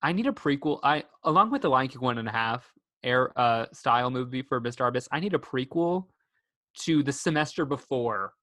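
Host for casual movie chat, enthusiastic and giggly, middle pitch, dry close sound. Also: expressive, a little fast, a bit bright, no echo. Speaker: podcast host.

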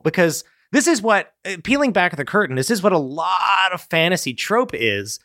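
A man in casual chat, animated and profane, acting out characters' lines as he brainstorms a story. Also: sits high, moderate pace, dry recording, clean studio sound.

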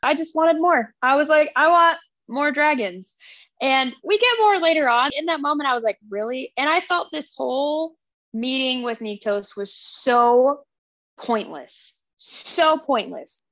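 A woman co-hosting a casual book chat, animated and acting out character lines as she talks. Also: sits high, measured pace, no echo, muffled recording. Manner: animated, acts out character dialogue. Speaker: podcast co-host.

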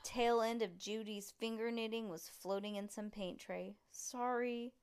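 A woman reading a children's book aloud to a child at home, with relaxed, chatty asides. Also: mid-range voice, moderate pace, clean tone. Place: room at home.

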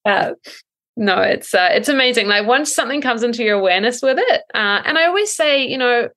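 A woman in her thirties, a breathwork coach, explaining thoughtfully in a podcast interview with frequent ums and soft laughs. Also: a little high, expressive, brisk.

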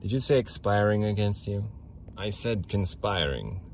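A man's voice: fairly low pitch, expressive, moderate pace, slight background noise. A man hosting a casual solo podcast, rambling in a goofy, self-mocking way. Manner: goofy, rambling, laughs at himself. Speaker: podcast host.

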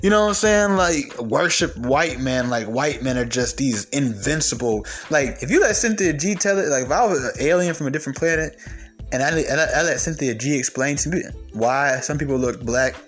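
A man hosting a solo podcast, delivering a heated, profane rant that keeps jumping to loud emphatic peaks. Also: medium pitch, expressive, normal speed, soft background music. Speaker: podcast host.

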